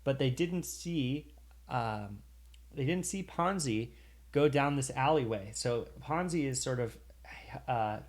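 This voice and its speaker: A man narrating as game master of a tabletop game on a stream, rambling with many fillers and restarts. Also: medium pitch.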